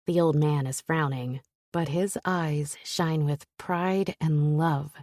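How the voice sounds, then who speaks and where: A woman narrating a romance audiobook in the first person, with a soft, intimate and breathy delivery. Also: deep voice, fairly even intonation, takes it slowly, no room sound, studio quality.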